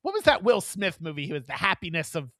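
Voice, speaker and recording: A man co-hosting a podcast, telling a story in casual chat, animated and profane, acting out the dialogue. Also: high voice, fast talker, no room sound. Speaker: podcast co-host.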